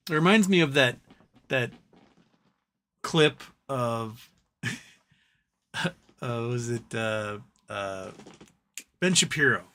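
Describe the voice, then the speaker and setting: A man's voice: mid-range voice, expressive, takes it slowly, pauses often, fairly bright tone. A man hosting a casual live stream, ranting animatedly and mocking other people's voices as he quotes them.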